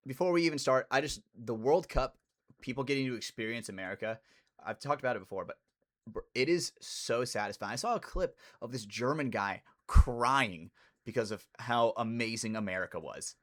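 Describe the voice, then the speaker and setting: A man's voice: medium pitch, lively intonation, moderate pace. A young man co-hosting a podcast in casual banter, laid-back and peppering his talk with "dude.". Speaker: podcast co-host.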